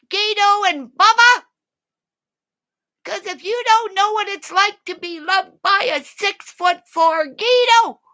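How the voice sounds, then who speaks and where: A woman ranting in a rambling, profane livestream, swinging between low growling threats and high shouting.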